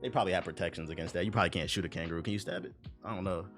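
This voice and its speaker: A young man with a deep voice races through his livestream as faint music plays behind him. In animated, casual chat he jokes, swears freely and reads viewers' messages aloud.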